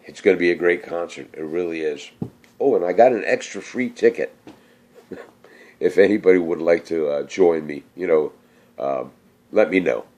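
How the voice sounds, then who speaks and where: Speaking at normal speed in a low, slightly mellow voice, a middle-aged vlogger pauses often as he rambles through casual cooking chat and viewer shout-outs. His speech is full of fillers and a bit slurred.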